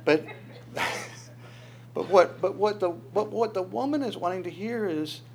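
A man preaching an expository sermon in a conversational, searching way, with quick asides. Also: sits high, a little hiss or hum.

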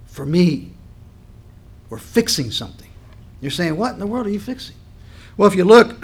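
A man preaching a sermon, swelling his voice on key points, then dropping it low, and clearing his throat now and then. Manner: dynamic preaching, voice swells and drops with emphasis. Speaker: pastor.

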